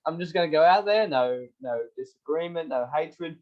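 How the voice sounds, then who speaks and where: An Australian man co-hosting a casual chat show, laughing his way through relaxed travel stories. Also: fairly high pitch, normal speed, dull audio. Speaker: podcast co-host.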